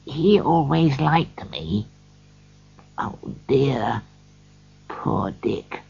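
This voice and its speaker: Man doing an excitable old miser. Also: mid-range voice, gravelly, slightly rough, heavily acted. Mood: wistful. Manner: quick, breathless exclamations. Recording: dull lo-fi recording.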